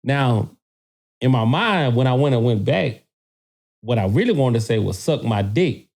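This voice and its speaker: Profane animated man telling a story. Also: medium pitch, normal speed, gravelly. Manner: animated, profane, repeats words when excited. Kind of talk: casual storytelling chat.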